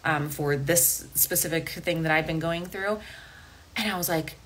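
Low-voiced woman coach chatting to listeners. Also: measured pace, a bit bright, a little hiss or hum, poor audio. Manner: conversational, frequent "okay?" and "right?" asides. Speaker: podcast host and health coach. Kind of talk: casual talk to listeners.

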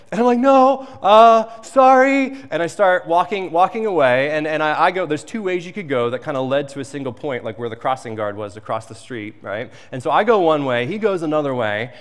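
A man preaching as a pastor, telling stories in a relaxed, conversational way, often tossing in "right?" and "like". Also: mid-range voice. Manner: conversational storytelling, frequent "right?" and "like". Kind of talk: sermon. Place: church sanctuary. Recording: long reverb of a church hall.

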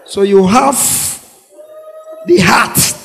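A Nigerian man with a Pidgin English accent and a very high, piercing voice, animated on stage as he acts out his characters. His voice rings with the long reverb of a big hall. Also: extremely slow, vocal fry, soft background music. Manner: animated, acts out voices of police, shouting and laughing. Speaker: stand-up comedian. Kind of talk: stand-up comedy storytelling.

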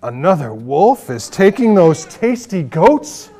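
A man voicing a grumpy, hungry old male wolf who is hard of hearing, grumbling gruffly while reading a children's storybook aloud in a library. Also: a little high, very animated, slow, mellow, slight background noise, voice pushed up. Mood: greedy, grumpy. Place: public library, live audience of children.

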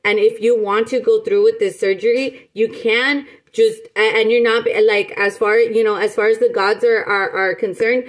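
A woman's voice: fairly high pitch, fairly even intonation, moderate pace, hardly any pauses, rough recording. A woman giving a casual tarot reading to camera, rambling and emphatic, with many restarts and pet names for her listeners. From United States. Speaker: tarot reader.

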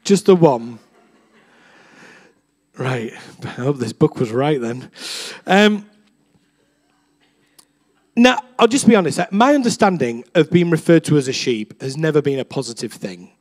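Man, young, relaxed sermon full of stories; high voice that swoops a lot. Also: measured pace, pauses often. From England. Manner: chatty, self-deprecating, acts out quoted voices with big swings. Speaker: preacher. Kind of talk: casual sermon with storytelling.

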